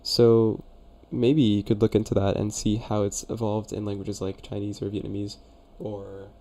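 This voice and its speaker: A man's voice: on the low side, level tone, normal speed, mellow. A young man in college, casually chatting on a live stream, reading viewers' messages and sounding out invented words. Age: young adult. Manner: chatty, laid-back, reads chat aloud. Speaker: streamer reviewing viewers' conlangs.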